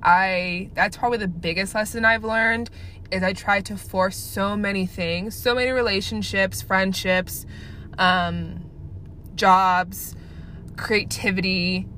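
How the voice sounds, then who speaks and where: Speaking slowly with a medium-pitched, sharp-toned voice and fairly even intonation, a woman in her twenties hosts a casual solo podcast. She rambles candidly, using "like" often, on a slightly dull lo-fi recording with a bit of background noise.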